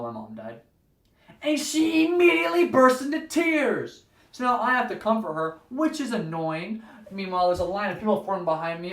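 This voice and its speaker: A man's voice: high voice, fairly bright tone, heavily acted. A man performing a stage monologue as a weary, sardonic man who tells an awkward story and imitates the people in it. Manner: dry, sardonic storytelling with mimicked voices. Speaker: theatre student performing a monologue. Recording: roomy echo, mic far off.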